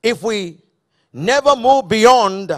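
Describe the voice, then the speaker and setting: A man's voice: high-pitched, expressive, slow. A man preaching a sermon to his church, repeating key phrases and asking the congregation questions. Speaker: pastor. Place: church service.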